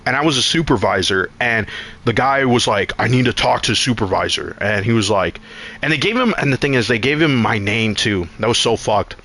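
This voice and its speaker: A man's voice: medium pitch, lively intonation, brisk, pushed and bright. Rambling profane male streamer. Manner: rambling, profane, acts out quotes in a raised voice. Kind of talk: casual storytelling while gaming.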